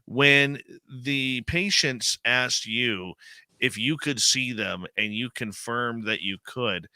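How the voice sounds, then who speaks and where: A man's voice: mid-range voice, sharp tone, dry recording. A man hosting a radio interview, eagerly asking his guest questions. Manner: eager and fast-talking. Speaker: radio show host.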